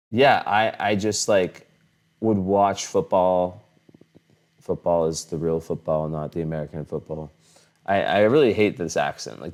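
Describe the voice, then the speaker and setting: A young adult man talking casually to camera at home in a rambling vlog, with many restarts and fillers. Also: sits low. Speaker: astrology vlogger. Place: home room, camera on a fixed setup.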